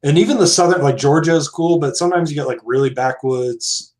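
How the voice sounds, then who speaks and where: A man's voice: on the high side, a little fast, a little mellow. An American man co-hosting a podcast, talking casually and drifting into side topics. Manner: chatty, digressive, hedging. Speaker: podcast co-host. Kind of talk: casual chat.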